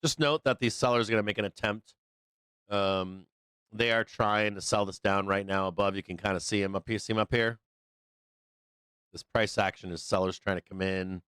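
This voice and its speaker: A hoarse man hosting a live trading show, giving loose, profane, rambling market commentary on a close microphone. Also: on the low side, normal speed, long pauses, fairly bright tone, dry recording. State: hoarse, losing his voice.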